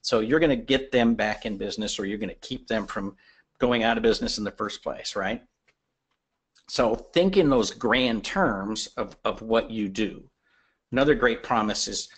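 A man's voice: on the low side, fairly bright tone, slightly rough. A male trainer giving an earnest webinar presentation, asking his listeners rhetorical questions. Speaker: guest speaker, trainer. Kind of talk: presentation lecture.

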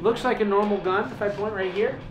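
A man's voice: high voice, brisk, roomy sound, heavy background noise. A young man giving an upbeat tour of his little decorated house and proudly showing off each item. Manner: upbeat, showing off items like a salesman. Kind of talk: casual chat, house tour. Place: indoors, small decorated hut.

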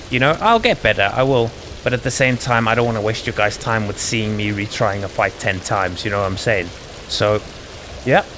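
A man hosts a gameplay video, chatting loosely and rambling as he plays. His voice sits at an ordinary middle pitch. A faint noise runs under the recording. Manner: rambling, chatty, friendly asides. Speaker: gaming channel host. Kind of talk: casual gameplay commentary.

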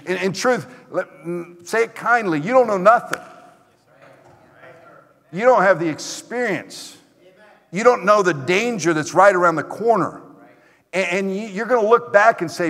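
Male pastor, high voice, emphatic repeated exhortations, reverberant church hall. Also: expressive, moderate pace, a bit bright. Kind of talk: sermon. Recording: echoey hall.

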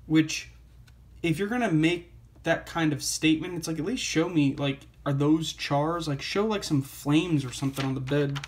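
A man's voice: a little high, moderate pace. A man reviewing a comic book in a casual vlog, rambling and wry, full of fillers and restarts.

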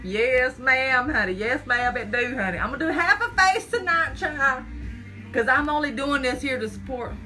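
A woman selling makeup on a live phone stream from home, chatty and a bit jittery, sprinkling "honey" and "child" through every line. Her voice sits high and bright. Faint music plays behind her. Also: animated, moderate pace. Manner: chatty, folksy, says "honey" and "child" constantly; jittery, talks through nerves. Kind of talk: casual live-stream chat.

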